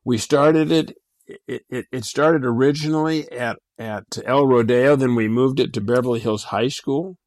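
Male guest, mid pitch, dry close read, casual recollection. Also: moderate pace, darkish tone, no room sound. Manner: plain, with small restarts. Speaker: interview guest.

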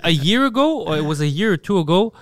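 A man hosting a podcast, telling a long story in an animated, profane way, peppered with bro and dude. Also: high voice, quick pace, no echo, clean studio sound. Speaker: podcast host.

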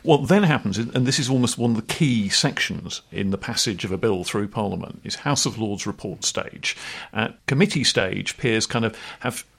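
A man's voice: fairly low pitch, normal speed, vocal fry, fairly bright tone, breathy edge. A man co-hosting a podcast, explaining things in a wry, informal way with jokey asides. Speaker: podcast co-host. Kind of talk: explanatory chat.

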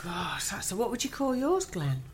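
A woman's voice: medium pitch, big pitch swings, normal speed, a little hiss or hum. A woman co-hosting a casual podcast, asking questions eagerly and often cutting in. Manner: inquisitive, interrupts eagerly. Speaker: podcast co-host.

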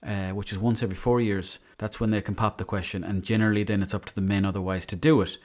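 An Irish man in his thirties hosts a casual solo podcast in a fast, lowish voice with fairly even intonation. His monologue is chatty and rambling, and he swears freely as he tells stories.

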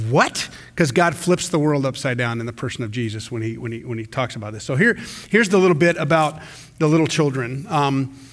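A male pastor preaching a sermon in a conversational, animated way, often restarting his sentences. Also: on the high side.

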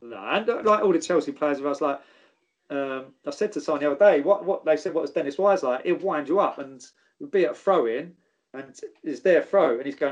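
A man, a former footballer, telling animated anecdotes and swearing freely. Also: on the high side, a little fast. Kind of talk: casual storytelling.

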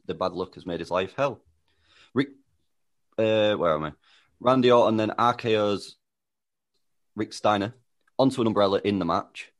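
A man co-hosting a podcast, recapping a storyline in a plain, matter-of-fact way. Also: sits low. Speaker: podcast co-host. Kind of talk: casual chat, recapping a storyline.

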